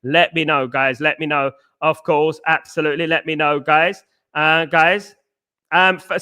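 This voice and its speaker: A man's voice: a little high, fairly even intonation, unhurried, sharp tone, clean tone. A man hosting a fan live stream, reading out chat comments in a blunt, repetitive, casual way, often calling people "mate". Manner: blunt, repetitive, peppers talk with "mate" and "big up".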